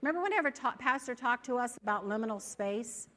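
Woman giving a sermon at church, bright higher voice, chatty and animated. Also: fast. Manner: animated, acts out inner voices. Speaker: preacher.

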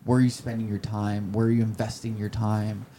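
A man in his twenties, a podcast guest, telling heartfelt stories in an earnest, halting way. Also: lowish voice, level tone, warm tone, a little hiss or hum. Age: 20s. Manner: halting, searching for words. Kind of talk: casual interview chat.

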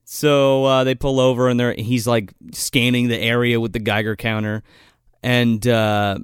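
A man's voice: medium pitch, level tone, measured pace, clean tone, dry recording, studio quality. A man co-hosting a podcast, recapping a film in casual, rambling, profane talk full of fillers. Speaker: podcast co-host. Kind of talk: casual movie recap chat.

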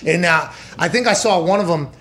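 A podcast host with a high-pitched, slightly fast voice keeps his sports show casual, telling crude, funny stories in a loose, joking style. He's animated and builds his rants for comic effect.

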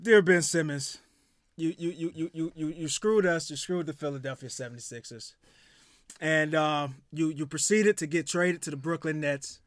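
A man's voice: a little high, moderate pace, no echo. A man co-hosting a casual sports talk show, ranting with heat, profanity and repeated words. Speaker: podcast co-host.

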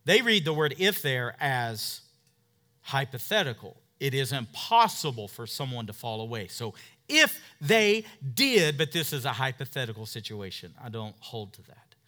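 A man in his thirties preaching a sermon as pastor, emphatic, calling out for amens from the congregation and swinging from quiet asides to loud, driving points. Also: medium pitch, very animated, normal speed.

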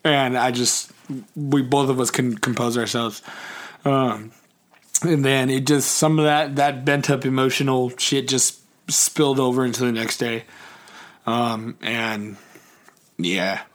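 A man's voice: mid-range voice, fairly even intonation, measured pace. A young man chatting casually in a personal vlog, rambling with lots of fillers and restarts and swearing freely.

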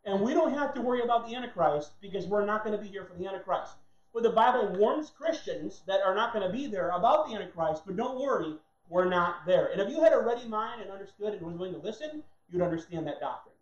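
A man's voice: high-pitched, expressive, quick pace. A man preaching a sermon in a heated, mocking way, sometimes acting out other people's voices. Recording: roomy, dull lo-fi sound.

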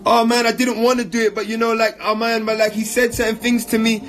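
A man with a London accent mimicking a weak-willed young person who excuses giving in to flattery. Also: very high-pitched, quick pace, soft background music. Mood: sheepish. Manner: sheepish, excusing.

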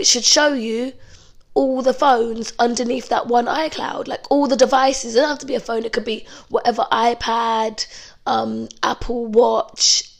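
Young woman chatting a storytime, bit higher voice with some fry. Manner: chatty, animated storytelling with swearing and laughs. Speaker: vlogger. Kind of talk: casual storytime.

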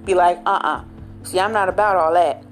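A woman vlogger talking straight to her viewers in a casual, animated, slang-filled way, often tagging lines with "okay?". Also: on the low side, a little fast, soft background music. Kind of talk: casual direct-to-camera chat.

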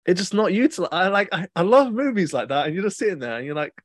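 A man's voice: sits high, fast talker, dry recording. A young man hosting a podcast, telling long rambling stories in casual chat with plenty of fillers and restarts. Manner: rambling, animated storytelling with many fillers and restarts. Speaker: podcast host.

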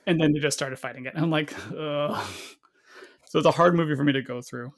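A man with a fairly high voice and steady tone rattles off rapid-fire podcast chatter about a movie as a reviewer. He rambles, keeps cutting himself short, and acts out quoted lines.

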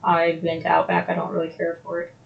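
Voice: medium pitch, monotone, a little fast, creaky, phone-quality sound. A young adult co-host of a podcast, chatting casually with friends while scrubbing a stain out of the carpet. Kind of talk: casual chat.

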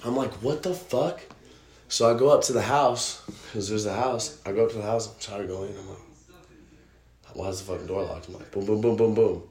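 A man's voice: fairly low pitch, steady tone, fast, a little mellow, roomy sound. Profane, rambling man telling stories. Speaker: podcast host. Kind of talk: casual storytelling chat.

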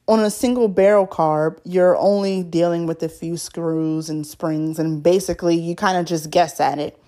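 Woman podcaster, lower voice, casual storytelling with asides. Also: fairly even intonation, moderate pace, hardly any pauses, a little mellow. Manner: chatty, stumbles over words and adds asides.

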